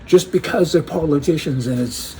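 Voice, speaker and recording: A man's voice: fairly high pitch, moderate pace, dark tone, slight background noise. A man giving an opinionated, casual commentary monologue, telling jokes with sarcastic asides and chuckles.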